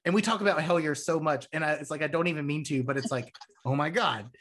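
A man's voice: a little high, fast, slight background noise. A man hosting a podcast, telling a rambling story in casual chat, often swearing. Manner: rambling, profane, excitable storytelling. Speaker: podcast host.

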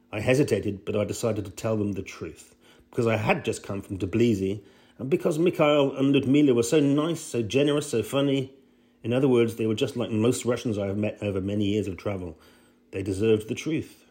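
A man's voice: medium pitch, a little fast, a little mellow. Male reader for a first-person travel essay, dry and understated delivery.

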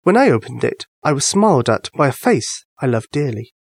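Lively male storyteller reading a bedtime tale. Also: mid-range voice, normal speed, vocal fry, husky, no echo. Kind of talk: children's bedtime story narration.

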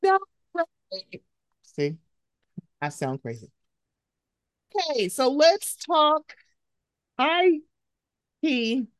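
Young woman podcast host just chatting, super animated, voice bouncing all over, dry close mic. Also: very slow, long pauses, no echo. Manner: animated, swings into high excited voices when quoting herself. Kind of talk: casual chat.

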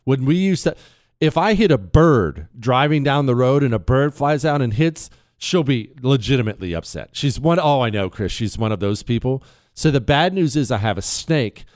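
A man hosting a talk radio show, telling stories in a casual, animated way and laughing at his own jokes. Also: mid-range voice, normal speed, no echo, studio quality. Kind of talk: casual storytelling monologue. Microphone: studio mic.

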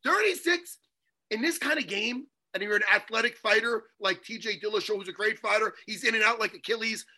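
Male sports co-host, high and bright, fiery theatrical ranter. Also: brisk. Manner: fiery, theatrical ranting with bursts of shouting. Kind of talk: heated sports talk.

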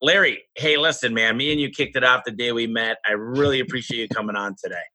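Male podcast host, mid-pitched, very bright and forward tone, dry close mic, easygoing. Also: quick pace, no room sound, low-quality recording. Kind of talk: casual interview.

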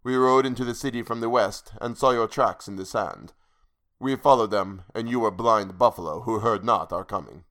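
A man's voice: fairly low pitch, moderate pace, a bit bright. A man reading the lines of a mocking, formal Arab sheik in an audiobook story. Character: scornful Arab sheik, middle-aged man.

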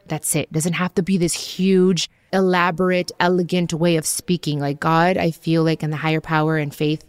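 A woman, talking in a casual, candid, chatty way. Her voice sits a little low and the recording is close and dry. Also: level tone, moderate pace, few pauses, smooth, no echo. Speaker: podcast host. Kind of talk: casual spiritual talk.

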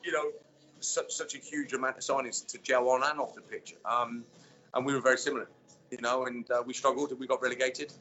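Man, ex-footballer guest, rambling easy storyteller, bright voice, dull lo-fi sound. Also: medium pitch, fairly quick. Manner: relaxed storyteller, many fillers. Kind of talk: casual interview chat.

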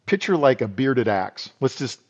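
A middle-aged man from the United States, a podcast guest, tells stories in a rambling, folksy way, saying "you know" a lot. His mid-range voice is sing-song and slightly rough at a normal speed. It's a casual storytelling interview with dull, lo-fi sound.

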